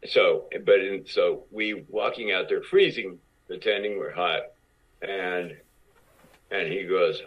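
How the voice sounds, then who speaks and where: A man's voice: deep voice, takes it slowly, husky, highs cut off. A man, a guest actor, telling stories in casual talk and acting out other people's lines as he goes. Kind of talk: casual anecdotal storytelling.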